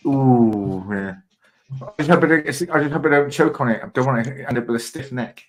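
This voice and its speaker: A man's voice: mid-range voice, a little fast. A man hosting a casual online quiz, rambling and teasing his panel. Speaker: quiz show host.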